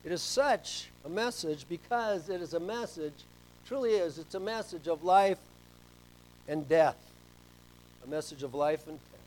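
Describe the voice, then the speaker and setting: A middle-aged man preaching a sermon as pastor, telling stories and swinging between soft asides and loud emphasis. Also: a little high, unhurried, slight background noise, rough recording.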